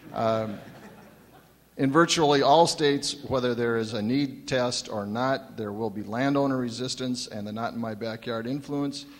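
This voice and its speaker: A man's voice: mid-range voice, unhurried. Man, panel commissioner, reads prepared notes, dry humor, long hall reverb.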